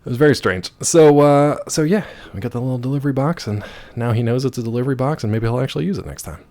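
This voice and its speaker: A male game streamer casually telling a story to his chat, animated and laughing often. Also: medium pitch, quick pace. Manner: animated, laughs often, swings loud and quiet.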